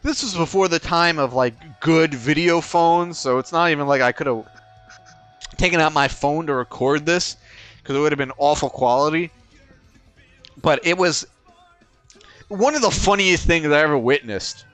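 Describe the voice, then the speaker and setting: A man's voice: on the high side, normal speed, long pauses, fairly bright tone, clean tone, soft background music. A man co-hosting a podcast, telling stories in casual chat, swearing now and then and restarting his sentences. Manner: storytelling, profane, many restarts. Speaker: podcast co-host.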